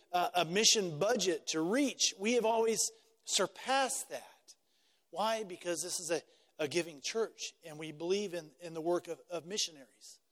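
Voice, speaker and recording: A man's voice: sits high, big-room sound. A male pastor delivering a conversational sermon, repeating phrases and often checking in with "right?".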